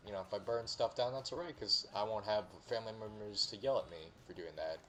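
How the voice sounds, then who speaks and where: A man's voice: fairly low pitch, a little fast, a bit bright, faint music behind. A young man chatting casually while streaming a game, rambling with many fillers and restarts. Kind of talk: casual gameplay chat.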